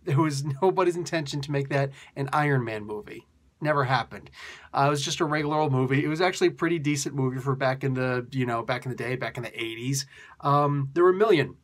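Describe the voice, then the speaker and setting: A man casually reviewing a comic book for his video channel, excitable and rambling, laughing often. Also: medium pitch, a little fast.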